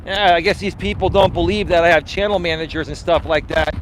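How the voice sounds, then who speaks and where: A man's voice: high-pitched, steady tone, a little fast, a little hiss or hum. A man hosting a live stream as a life coach, chatting casually in a boastful, teasing way with casual swearing, recorded outdoors. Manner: boastful, teasing, laughs at his own jokes.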